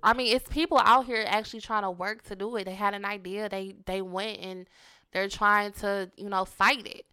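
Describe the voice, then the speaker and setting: A young woman, co-hosting a casual chat, animated and laughing as she retells things dramatically. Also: mid-range voice, moderate pace, clean tone. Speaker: podcast co-host.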